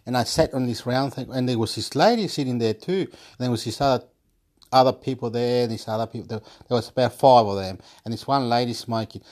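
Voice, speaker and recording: A man's voice: medium pitch, a little fast, a little mellow. A man telling a rambling story at home into his phone, repeating himself, restarting sentences, swearing and laughing between phrases. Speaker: vlogger. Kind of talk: rambling casual monologue.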